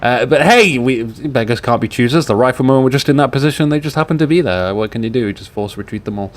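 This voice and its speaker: A man's voice: mid-range voice, fast talker. A British man casting a replay of a strategy game, rambling and joking with sarcastic asides. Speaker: game caster. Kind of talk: casual game commentary over a replay. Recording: game gunfire and explosions in the mix.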